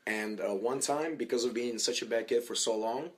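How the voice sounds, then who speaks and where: A man who is a podcast guest, telling stories in casual chat, swearing often and halting with fillers. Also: medium pitch. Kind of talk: casual storytelling.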